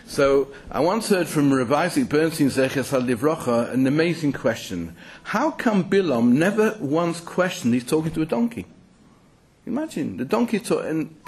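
A man teaching in a sermon, telling stories with lively restarts and asides. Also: mid-range voice, slight background noise. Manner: animated storytelling, halting restarts. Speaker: rabbi teaching.

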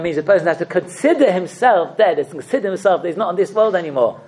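A man giving a religious sermon, asking rhetorical questions and telling stories with expressive delivery. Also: high voice, fast talker. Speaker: rabbi giving a talk.

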